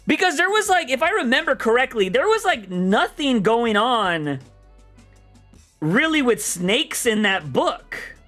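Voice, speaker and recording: Animated high-voiced young man streaming. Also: measured pace, soft background music. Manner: loose, animated, slangy rambling. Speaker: streamer and comic podcast host. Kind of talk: casual livestream chat.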